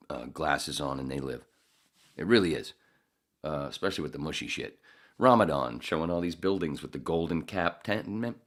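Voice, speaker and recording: A man hosting a podcast in a rambling, profane casual monologue, now and then jumping into loud high voices. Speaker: podcast host.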